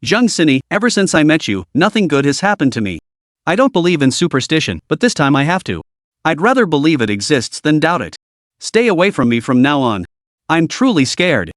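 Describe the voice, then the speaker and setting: A man's voice: on the high side, very animated, brisk, dry recording, studio quality. A man voicing a young man who is a blunt, bitter street vendor, reading him in a storybook recap. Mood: sarcastic. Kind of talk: storybook narration.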